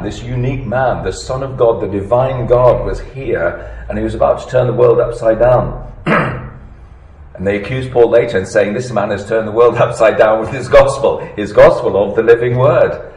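A man preaching a sermon, swinging between hushed, low asides and loud, emphatic lines. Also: reverberant, low-quality recording.

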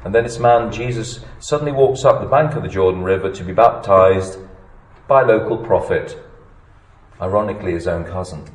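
A male preacher. His voice sits a little low, and he drops to near-whispers before rising to emphatic peaks. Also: brisk, roomy sound, a little hiss or hum, low-quality recording. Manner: animated preaching, swinging between hushed and emphatic. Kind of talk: sermon.

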